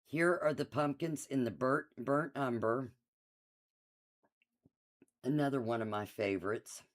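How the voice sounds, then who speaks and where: A middle-aged woman hosts a live sale from her quilt shop in a relaxed, unhurried way. She chats warmly to viewers, laughs easily and reads out item numbers as she shows off the fabric. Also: rumbling low. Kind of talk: casual live-stream sales chat.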